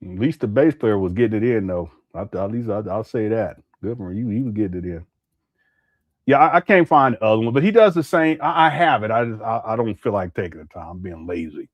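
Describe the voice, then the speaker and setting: A man's voice: on the low side, expressive, brisk, no echo. A man commenting casually on a live stream, laughing often and mocking what he plays.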